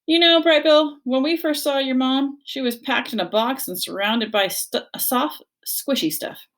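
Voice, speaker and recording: A friendly, talkative female otter, quick to apologize and eager to share a story, as a woman reads her aloud. Her voice rides high with a slight rasp. Storybook warmth in a small animal. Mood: chatty.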